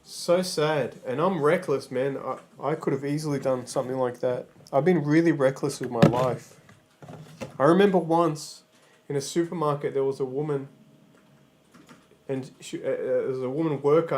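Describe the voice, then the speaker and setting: A man's voice: fairly high pitch, moderate pace, darkish tone, slight background noise. Rambling, foul-mouthed male streamer. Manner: rambling and profane, with frequent stammered restarts. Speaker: livestreamer. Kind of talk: casual livestream chat.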